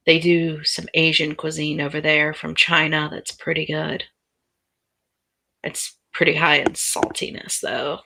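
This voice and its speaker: A woman's voice: deep voice, little pitch movement, measured pace, vocal fry, background noise. A woman narrating a tabletop role-playing game as game master, in a casual, playful way.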